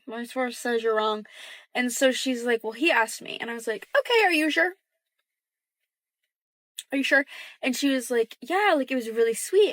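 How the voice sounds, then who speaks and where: Young woman, casual storyteller, bright voice, dry close sound, chatty, quotes dialogue softly. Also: fairly high pitch, no room sound.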